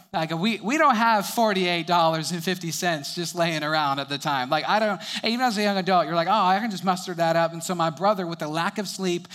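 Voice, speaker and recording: A young man preaching, with a voice pitched a little above most men's. He tells stories in a sermon and keeps breaking into light chuckles between his sentences. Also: a bit bright.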